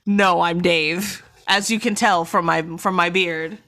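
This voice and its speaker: Harry Potter, deep-voiced and bewildered, as a woman puts him on. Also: fairly even intonation, measured pace, pushed and bright. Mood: deadpan. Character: confused young male wizard with a deep voice.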